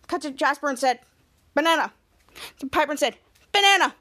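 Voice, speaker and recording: A woman's voice: high voice, steady tone, very fast, fairly bright tone. A woman podcast host recapping a TV episode scene by scene, with stumbling restarts.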